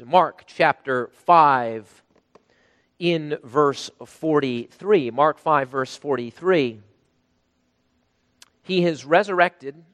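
Emphatic high-voiced male preacher in a hall. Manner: emphatic, rising to loud bursts when quoting. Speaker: pastor. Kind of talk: sermon.

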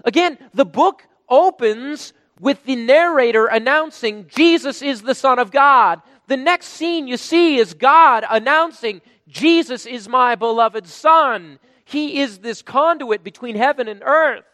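Emphatic high-voiced male preacher in a hall. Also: animated, a little slow, few pauses. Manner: emphatic, rising to loud bursts when quoting. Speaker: pastor. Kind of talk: sermon.

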